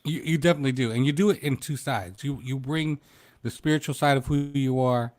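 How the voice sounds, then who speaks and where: A man's voice: medium pitch, fairly quick, a little mellow, dry recording. A man hosting a casual livestream talk show, chatty and laid-back, often laughing.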